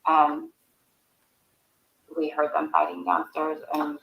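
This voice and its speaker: A woman recalling family events in a recorded interview, speaking haltingly. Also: low voice, wildly swooping pitch, highs cut off. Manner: halting, hesitant recollection. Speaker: interviewee, sister of the subject. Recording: echoey room.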